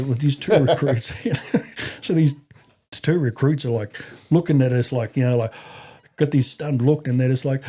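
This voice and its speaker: A man's voice: mid-range voice, brisk, mellow, husky. Blunt, profane middle-aged Australian man. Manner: blunt, profane, rambling with restarts. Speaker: podcast guest, army veteran. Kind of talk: casual anecdotal storytelling.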